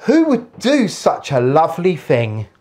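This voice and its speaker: A man's voice: a little high, wildly swooping pitch, unhurried, darkish tone. A man filming a playful vlog in his indoor hallway, talking to himself as he goes. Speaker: YouTuber.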